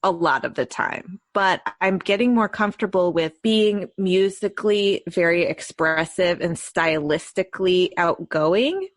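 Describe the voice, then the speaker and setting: A woman's voice: lowish voice, a little slow, few pauses, dry recording. A woman co-hosting a podcast, talking candidly in casual chat. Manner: candid, chatty, laughs easily. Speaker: podcast co-host.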